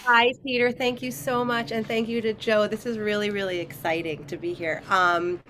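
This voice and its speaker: A woman guest singer chatting in a friendly, relaxed way with light fillers, introducing a song. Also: medium pitch, moderate pace. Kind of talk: casual chat. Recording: faint background noise.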